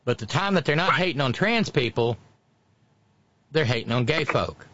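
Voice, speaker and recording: A man's voice: medium pitch, animated, moderate pace, fairly bright tone, no room sound, lo-fi sound. A man hosting a podcast, giving sarcastic, mocking commentary in casual chat. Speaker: podcast host.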